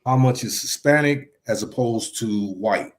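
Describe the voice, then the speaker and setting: A man hosting a casual discussion, reading from his notes and often pausing with ums and restarts. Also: mid-range voice. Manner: hesitant, many ums and restarts.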